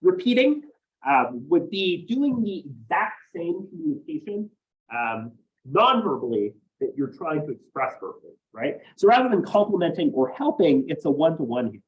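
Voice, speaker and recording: A man's voice: a little high, big pitch swings, moderate pace, dull audio. A man teaching a college class, explaining ideas step by step and often checking in with "right?". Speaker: college instructor. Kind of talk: classroom lecture.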